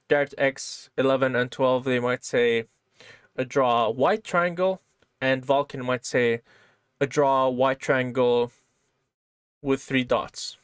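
A man's voice: medium pitch, no room sound, studio quality. A man teaching programming in a casual, step-by-step way, often checking in with "right?". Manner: casual, explains step by step, keeps asking "right?". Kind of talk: screen-share coding lesson.

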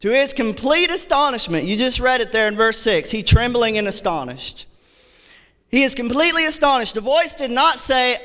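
In a church sanctuary, an associate pastor with a very high, expressive, pushed and bright voice preaches fervently at normal speed, with a long reverb tail behind him. He reads scripture aloud in old-style wording and repeats key phrases.

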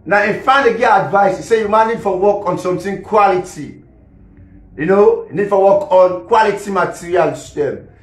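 A man's voice: sits high, normal speed. Man, Sierra Leonean Krio accent, rambling live-stream monologue; raised voice, reverberant room. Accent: Sierra Leonean Krio English. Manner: rambling, repetitive, laughs between lines. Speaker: musician and social media personality. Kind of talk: casual live-stream rant. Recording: echoey room.

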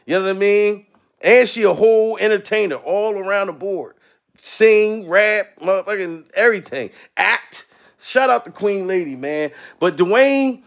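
A man hosting a live stream, ranting profanely in a loose, rambling way, laughing often and shouting out viewers in the chat, his voice going hoarse. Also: high voice, normal speed. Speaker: livestream comedian host.

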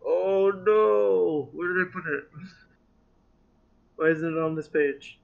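A man's voice: a little high, fairly even intonation, unhurried, phone-quality sound. Rambling, self-mocking young man. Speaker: game master. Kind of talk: casual tabletop game chat.

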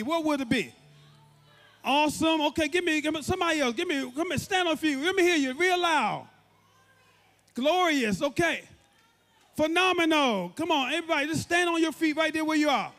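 A man's voice: very high-pitched, fairly bright tone. A man hosting a church service, energetically leading the congregation in call-and-response and repeating prompts. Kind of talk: call-and-response crowd hype. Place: large church sanctuary. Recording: reverberant hall with faint music.

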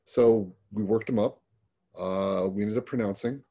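Husky, mellow-voiced middle-aged man. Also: fairly low pitch, fairly even intonation, unhurried, highs cut off. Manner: plain-spoken, frequent restarts and repeated words. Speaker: paramedic guest. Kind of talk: conversational storytelling.

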